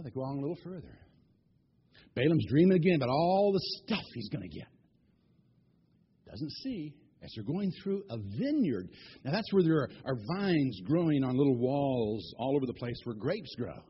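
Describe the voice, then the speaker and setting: A man telling a Bible story in an animated way, asking his listeners questions. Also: on the high side, slightly rough, muffled recording.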